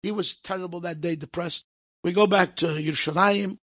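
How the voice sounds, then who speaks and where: A man telling stories to an audience in a lively way, acting out the people in them and slipping in Hebrew phrases. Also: high-pitched, moderate pace. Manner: lively, acts out quoted speech, sprinkles Hebrew phrases. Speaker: storyteller. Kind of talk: animated storytelling to an audience.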